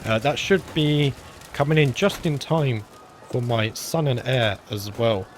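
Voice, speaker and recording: Unhurried and medium-pitched, a British man hosts a gaming channel and narrates a strategy game in casual let's-play style. He thinks aloud amid frequent filler sounds, seems slightly under the weather, and the audio carries a faint hiss or hum.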